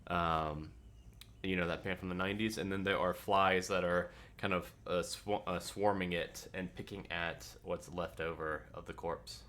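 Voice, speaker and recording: A man narrating a tabletop game as game master, halting with many fillers. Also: low-pitched, steady tone, a bit bright.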